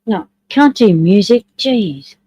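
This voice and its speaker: A chatty woman hosting a live stream, with a soft, mellow tone. She mutters her way through the stream software and chats along with a video. The sound is close and dry, with no room around it. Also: medium pitch, animated, takes it slowly, slightly rough, no echo, rough recording. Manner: chatty, talks to herself while running the stream software; reads along with and comments on a video. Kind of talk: casual live-stream chat.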